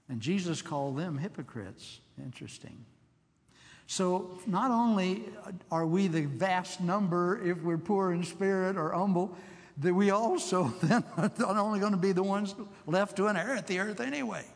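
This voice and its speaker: An older male preacher with a slightly raised voice delivers a sermon. He talks in a conversational, musing way and drifts into asides and soft chuckles. The sound carries a long reverb from a hall. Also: high voice, creaky.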